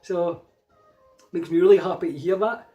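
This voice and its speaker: A man's voice: high voice, normal speed, highs cut off, faint music behind. A man with a Scottish accent talking casually in a rambling solo vlog, full of fillers and restarts. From Scotland. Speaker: vlogger.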